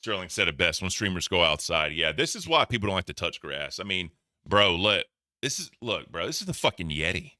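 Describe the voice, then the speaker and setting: A man's voice: low-pitched, big pitch swings, fairly quick, pushed and bright, dry recording. A man reacting to clips for his stream chat in casual, profane commentary. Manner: profane, laughing, talks to chat.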